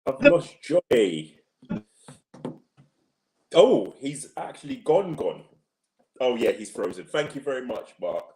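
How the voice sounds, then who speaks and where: A man co-hosting a football talk livestream, chatty and quick to laugh. His pitch moves lively as he chimes in and agrees with his co-host. His voice carries a roomy echo. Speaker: co-host of a football discussion show. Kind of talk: casual sports chat on a livestream.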